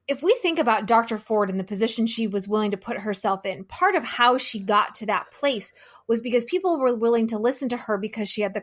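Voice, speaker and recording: A woman who is a guest on a podcast, speaking frankly and deliberately and swearing freely. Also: a little high. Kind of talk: casual podcast conversation.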